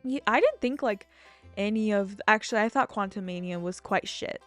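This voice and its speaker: A young woman chatting casually over her gameplay, rambling from topic to topic, getting excited and swearing freely. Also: medium pitch, normal speed, soft background music. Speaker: gaming YouTuber.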